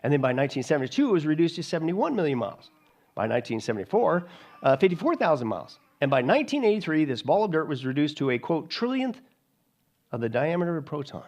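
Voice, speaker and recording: A man's voice: on the high side, darkish tone. A male pastor preaching an emphatic sermon with sarcastic, mocking asides.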